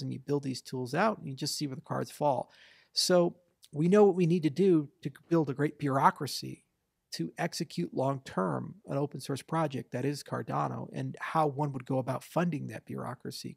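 A man's voice: mid-range voice, gravelly, husky, no room sound, clean studio sound. A man giving a confident, discursive interview answer in a casual tone, sometimes mimicking other people to make his point. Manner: fast, confident, discursive, mimics voters for effect. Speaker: interview guest, blockchain founder.

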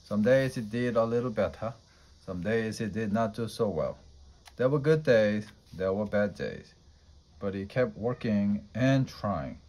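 A man with a fairly low voice reads a children's storybook aloud. His reading is steady and plain. He tells the story at an easy pace, line by line. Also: a little slow, slight background noise, rough recording. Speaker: storybook reader.

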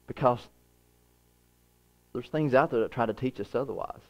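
A man in his thirties preaching a sermon as pastor, earnest, with repeated phrases, swinging from hushed to emphatic. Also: mid-range voice, moderate pace, dull audio.

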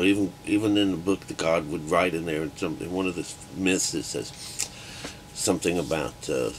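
A man's voice: low-pitched, moderate pace, a little hiss or hum. A middle-aged man and art teacher talking in a rambling, profane monologue packed with fillers.

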